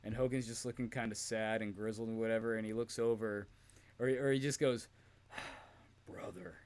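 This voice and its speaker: A man co-hosting a podcast in casual chat, often laughing and slipping into quick impressions. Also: fairly low pitch, steady tone, darkish tone. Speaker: podcast co-host.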